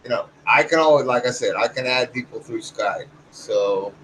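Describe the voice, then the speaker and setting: A man's voice: medium pitch, normal speed, a bit bright, a little hiss or hum, low-quality recording. A man talking casually to his viewers, rambling through a profane, loose rant and restarting his sentences often. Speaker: YouTuber.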